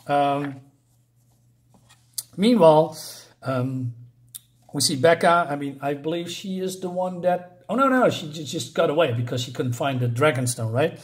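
A man's voice: a little high, unhurried, long pauses. A man casually recapping and reviewing a comic book, rambling with frequent fillers and self-corrections.

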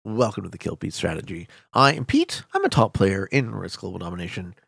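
Lively gravelly man streaming a geography game. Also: deep voice, brisk, dry recording, clean studio sound. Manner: energetic, talks to viewers, loud hype bursts then muttering. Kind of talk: casual gameplay commentary.

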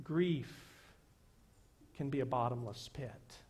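A man pastor delivering a sermon in a church, earnest and emphatic, repeating key phrases slowly. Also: mid-range voice, darkish tone, husky. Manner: earnest preaching with slow, emphatic repetitions. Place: church sanctuary.

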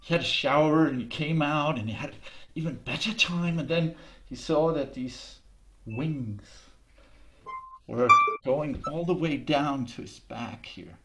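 Slow, deliberate male storyteller. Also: fairly high pitch, a bit bright, soft background music. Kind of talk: oral storytelling.

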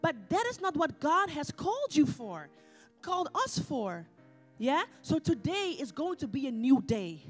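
A woman with a high voice preaches a sermon at a church service. She is passionate, driving her declarations home at full volume and slipping into Dutch phrases. Faint music plays behind her. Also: big pitch swings, a little slow. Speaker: deaconess preaching. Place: church service with live congregation.

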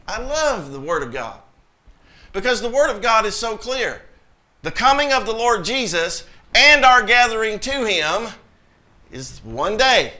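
A man's voice: high-pitched, sing-song, unhurried, bright, forceful tone. A man preaching a sermon as pastor, emphatic, with sudden bursts and scripture quoted in a raised voice.

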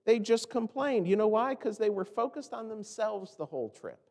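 An American man preaching a sermon as pastor, animated and often mimicking the complaining voices of others. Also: high voice, moderate pace, gravelly. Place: church sanctuary. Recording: long church reverb.

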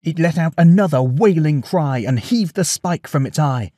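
Expressive male storyteller. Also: on the high side, normal speed, no room sound, clean studio sound. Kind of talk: bedtime story narration.

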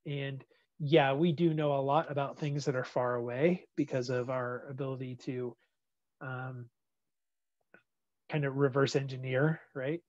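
A physics instructor teaches a class over a video call in a chatty, laid-back way, packed with fillers, like a casual online lecture. His medium-pitched voice barely changes pitch and comes across a little slow and a little mellow. There's no room sound, and the audio is dull.

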